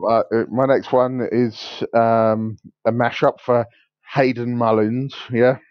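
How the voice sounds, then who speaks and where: A young man co-hosting a podcast, halting, with many ums and restarts. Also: medium pitch, flat delivery, no room sound. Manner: hesitant, lots of ums and restarts. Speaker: podcast co-host. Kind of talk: casual chat. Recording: dull, lo-fi home recording.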